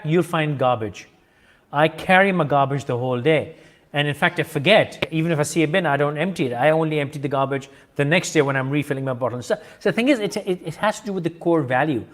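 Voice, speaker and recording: A middle-aged man from Pakistan, hosting a discussion and arguing his point in an emphatic, insistent way. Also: on the high side. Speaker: host. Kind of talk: video-call discussion.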